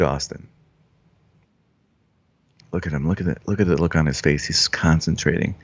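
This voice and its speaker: A man's voice: rumbling low, moderate pace, slightly rough, dull audio. A man hosting a casual live trading stream, joking and rambling with frequent restarts. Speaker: stock trading livestream host. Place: Florida home trading room.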